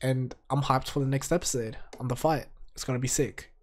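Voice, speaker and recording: This casual anime review comes from a sick, hoarse-sounding man who rambles excitedly and curses a lot. His mid-range voice moves a little fast, with a little hiss or hum.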